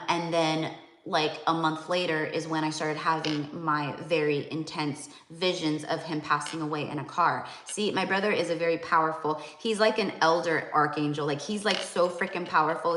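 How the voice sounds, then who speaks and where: A young woman who works as a psychic tarot reader talks casually to viewers about spiritual things, rambling with many fillers and restarts. Her voice is deep and fairly bright, with fairly even intonation, normal speed, and a roomy sound.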